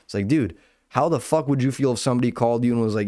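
A man's voice: mid-range voice, quick pace, dark tone, no echo, studio quality. A man ranting casually about online drama, profane and rambling, often breaking off and jumping between points. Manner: profane, rambling, self-interrupting. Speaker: commentator.

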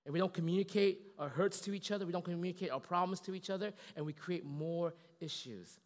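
A male pastor giving a casual, animated sermon full of fillers and self-deprecating jokes. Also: sits high, quick pace, big-room sound.

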